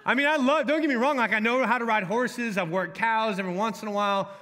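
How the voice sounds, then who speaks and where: A young man with a Texan drawl delivers a sermon to a room of college students, his voice high and bright. He tells stories and jokes with the crowd. The sound rings with the long reverb of a large hall. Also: fast. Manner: storytelling, joking with the crowd. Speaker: college ministry pastor.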